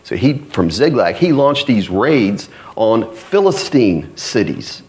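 Animated preacher man. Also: mid-range voice, slow pace. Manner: animated storytelling, acts out voices. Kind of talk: sermon. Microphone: church recording.

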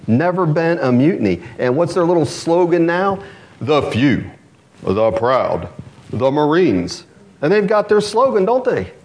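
A man preaching a sermon to his congregation, animated and asking rhetorical questions. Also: fairly high pitch, a little slow. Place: church congregation.

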